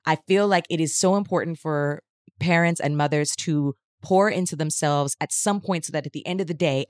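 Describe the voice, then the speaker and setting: A woman's voice: deep voice, dry recording, clean studio sound. A woman co-hosting a podcast in a casual chat, thoughtful and rambling, laughing easily. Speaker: podcast co-host, mother of two.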